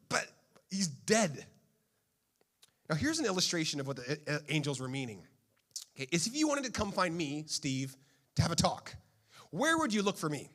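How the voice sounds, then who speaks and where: A male pastor preaching a sermon in a playful, animated storytelling manner. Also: fairly high pitch.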